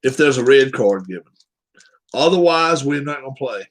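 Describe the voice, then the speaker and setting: A man's voice: medium pitch, expressive, moderate pace, poor audio. A man hosting a live stream, chatting casually with his viewers in a rambling way while setting up a game.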